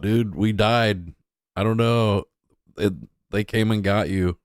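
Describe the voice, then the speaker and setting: A man's voice: on the low side, steady tone, slow pace, clear, resonant tone. A man hosting a livestream, reacting to clips in a casual, mocking, offhand way and talking to his chat. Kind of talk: casual crude reaction commentary.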